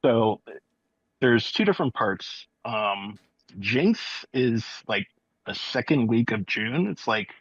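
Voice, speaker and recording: A man speaking as an interview guest, telling his story in a halting, matter-of-fact way with many fillers. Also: mid-range voice, animated, breathy edge, dry recording, dull audio. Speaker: guest, eyewitness.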